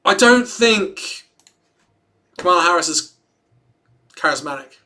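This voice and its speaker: A man with a bright, forceful, somewhat high voice hosts a casual livestream. He reads a written statement aloud, then breaks off to joke with viewers and laughs often, in an easy, chatty way. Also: expressive, a little slow. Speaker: livestream host.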